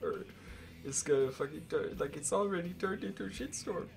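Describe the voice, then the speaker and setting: A man in his twenties on a live stream, telling a rambling, profane story with great excitement. He is emotional and close to tears. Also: high voice, brisk, gravelly.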